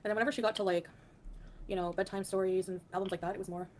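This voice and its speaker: A woman livestreams casually, reading and responding to chat, thanking viewers by name, laughing a lot and breaking into bits of song. Her mid-range voice has fairly even intonation and races along, with slight background noise.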